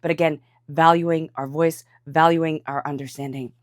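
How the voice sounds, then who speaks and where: A woman with a congested, stuffy voice, giving a calm tarot reading. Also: deep voice, normal speed, no room sound, clean studio sound. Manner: calm, soothing guidance. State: congested from a cold. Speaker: tarot reader.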